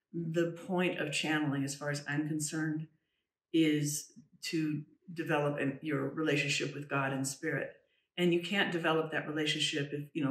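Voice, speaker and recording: A woman tells a personal story in an earnest, halting way, often restarting her sentences and falling to a hush at the eerie moments. She sits back from the microphone. The room adds a clear echo around her voice. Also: low-pitched. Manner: earnest, halting, with many restarts and "you know"; drops to a hushed voice when recounting the eerie moments. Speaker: trance channel medium, interview guest. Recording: roomy, distant from the mic.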